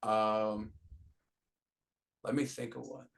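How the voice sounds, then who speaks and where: A man's voice: fairly low pitch, flat delivery, slow pace, gravelly, background noise. A man interviewing a fellow rapper in laid-back casual chat, using many fillers. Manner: laid-back, lots of "like" and "you know".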